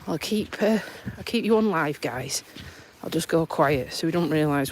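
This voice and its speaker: This low-pitched, expressive woman talks at a moderate pace, with slight background noise, while live-streaming from a countryside walk on her phone. A vlogger from Lincolnshire, England, she has the local accent and a stuffy nose. Her casual talk is self-mocking, sprinkled with laughter and dialect.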